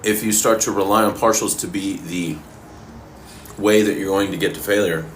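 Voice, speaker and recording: Low-voiced man eating on a live fitness Q&A. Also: a little hiss or hum. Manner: relaxed, talks with his mouth full, pauses mid-sentence. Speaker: fitness coach answering live viewer questions. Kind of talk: casual live-stream Q&A while eating.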